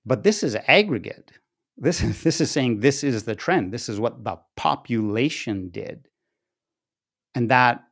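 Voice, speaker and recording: A man's voice: medium pitch, creaky. A man commenting on charts he shows on screen, rambling and restarting, then turning emphatic and incredulous. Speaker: political commentary host. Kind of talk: casual screen-share commentary.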